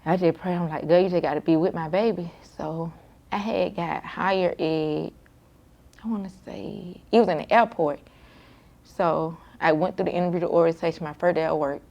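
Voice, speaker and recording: A woman's voice: sits low, steady tone, normal speed, vocal fry, darkish tone. A mother, telling candidly and emotionally how she cares for her son with sickle cell. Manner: emotional, informal, frequent "like" and quoted self-talk. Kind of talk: candid personal storytelling.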